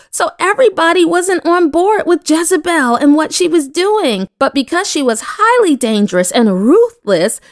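A woman's voice: high-pitched, dry recording, studio quality. A woman giving an earnest devotional talk, asking her listeners questions as she teaches. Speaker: devotional speaker.

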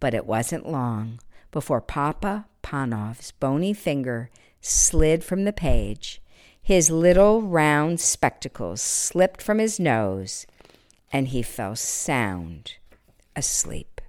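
A woman reading a Christmas story aloud, expressive, sometimes dropping to a near-whisper. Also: rumbling low, takes it slowly.

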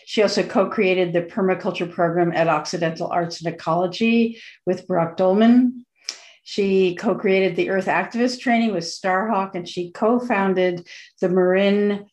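A woman's voice: lowish voice, darkish tone. A middle-aged woman hosting a podcast, introducing her guest in an earnest, searching way, with fillers and restarts. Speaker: podcast host.

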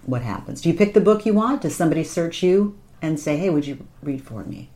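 Interview host, female, curious and easygoing, somewhat low voice. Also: big pitch swings, fairly quick, warm tone. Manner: curious, laughs easily. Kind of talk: casual interview chat.

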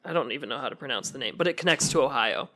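Michigan guy rambling on a podcast, lots of ums and restarts, middle pitch. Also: expressive, racing, pushed and bright. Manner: hesitant, lots of fillers and restarts. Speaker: podcast co-host. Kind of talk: casual chat.

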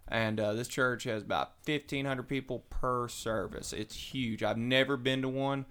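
A man telling his recovery story in casual, animated talk, acting out the voices of people he quotes. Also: mid-range voice, moderate pace, clean tone. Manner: animated, acts out quoted voices, Southern colloquial.

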